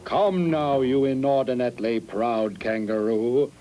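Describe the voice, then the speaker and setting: A man voicing a big male god in a storybook reading, speaking in a lofty, unhurried way. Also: mid-range voice, steady tone, over music, natural voice.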